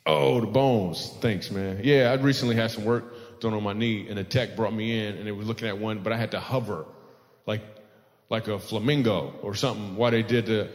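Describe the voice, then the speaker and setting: A male stand-up comedian doing teasing crowd work on stage, laughing often at his own jokes. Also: medium pitch. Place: live comedy venue. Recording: long hall reverb.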